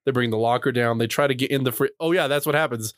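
Man, mid-pitched, dry close mic, casual swearing podcast recap. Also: quick pace, no room sound. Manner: swears casually, recaps plot with many likes. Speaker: podcast co-host. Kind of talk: casual chat.

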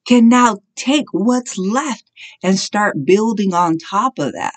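A preacher delivering an impassioned sermon of repeated short commands that climbs at times into shouting. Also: medium pitch, animated, slow pace. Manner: impassioned exhortation, rising to shouts.

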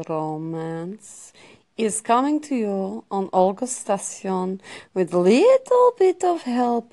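A woman playing a brash, flirty Russian radio host with a mock Russian accent, theatrical and full of pet names. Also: lowish voice. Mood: sultry. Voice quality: theatrical, coos pet names, swoops between purring and shouting. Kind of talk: comic character radio show.

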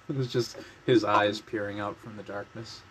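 A man's voice: on the low side, big pitch swings, unhurried, very noisy. A man hosting a podcast who jokes, swears and laughs through casual banter. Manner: joking, laughing, profane banter. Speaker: podcast host. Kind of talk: casual chat.

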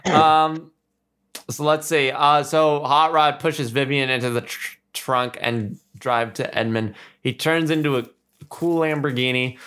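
Smooth-voiced man running through notes. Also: mid-range voice, measured pace, a bit bright. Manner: reads from notes, chuckles often. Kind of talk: casual movie discussion.

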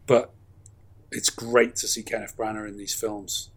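A man's voice: lowish voice, flat delivery, a little slow, fairly bright tone, slightly rough. A man, chatting casually about films in a rambling, enthusiastic way with plenty of fillers. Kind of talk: casual film chat.

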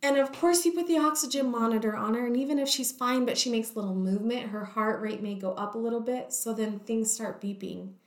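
A woman's voice: fairly high pitch, a little fast, hardly any pauses, roomy sound. Talkative young woman telling her story. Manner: talkative, acts out quoted voices, many "like" fillers. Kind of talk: personal storytelling.

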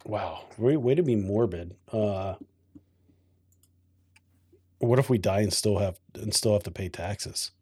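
A man's voice: lowish voice, unhurried, pauses often, dark tone, breathy edge, no room sound. Laid-back man with dry humor. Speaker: podcast co-host. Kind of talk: casual chat over beer.

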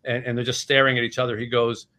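A man's voice: medium pitch, flat delivery, quick pace, pushed and bright. A man in his sixties, an author talking casually about his book in an interview. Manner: chatty, retelling scenes with voices. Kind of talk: animated storytelling in conversation.

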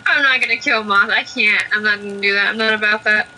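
A woman's voice: mid-range voice, fairly even intonation, fast talker, bright, forceful tone, slight background noise, rough recording. A woman playing a video game with her cousin, blunt and laid-back, swearing casually. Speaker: cousin and fellow player. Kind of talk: casual gaming banter.

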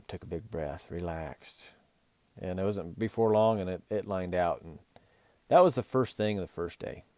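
A man's voice: sits low, measured pace, pauses often, darkish tone, dry recording. A man hosting a podcast, coaching riders in an earnest talk with many restarts. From Utah. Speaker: podcast host and horse and mule trainer.

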